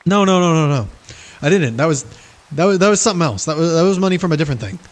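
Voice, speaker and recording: A man's voice: on the high side, lively intonation, fast, natural voice. A man voicing a defensive adult male cartoon dog who stammers and makes excuses.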